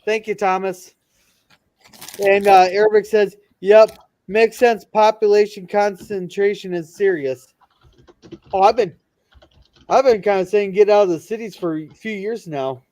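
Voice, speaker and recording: A man hosting a casual live stream, reading viewer comments aloud and chatting in a rambling, halting way with many restarts. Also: high-pitched, fairly even intonation, darkish tone. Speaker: livestream host reading chat comments. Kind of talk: casual chat and joke telling.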